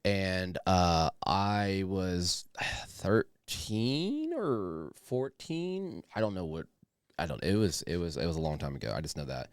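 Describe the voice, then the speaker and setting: A man with a very deep voice hosts a podcast in relaxed, enthusiastic chat. He swears freely and calls everyone "dude." The sound is dry and close. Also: slow, smooth, no room sound. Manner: loose and enthusiastic, swears, says "dude" a lot. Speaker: podcast co-host. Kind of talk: casual chat.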